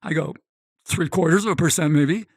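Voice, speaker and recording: A middle-aged man tells a story with animated energy, jumping into the voices of the people he quotes. His voice sits a little high and has a gravelly edge, and the sound is dry and close. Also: normal speed, dry recording. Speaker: guest, gambling expert. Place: podcast studio.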